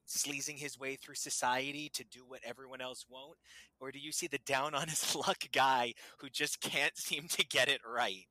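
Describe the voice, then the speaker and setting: A man's voice: medium pitch, sharp tone, no echo, poor audio. A man hosting a podcast interview, talking with gushing enthusiasm and laughing often. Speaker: podcast host. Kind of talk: excited casual interview chat.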